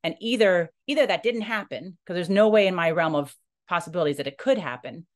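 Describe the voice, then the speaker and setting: A woman with a notably low voice tells a personal story to camera. Her delivery is earnest and halting. She often restarts phrases and acts out the lines of the people she quotes. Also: lively intonation. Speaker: non-profit founder.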